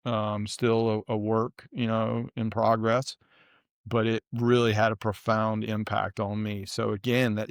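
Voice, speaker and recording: A middle-aged man from the American South with a low, gravelly voice, speaking earnestly and reflectively as a podcast guest. He keeps a flat, steady tone and often restarts his sentences. The recording is dry and close. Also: no echo. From Southern United States. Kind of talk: storytelling in a podcast interview.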